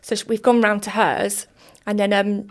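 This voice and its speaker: A woman's voice: mid-range voice, little pitch movement, moderate pace. A woman, a podcast guest telling her story candidly in long run-on sentences full of fillers.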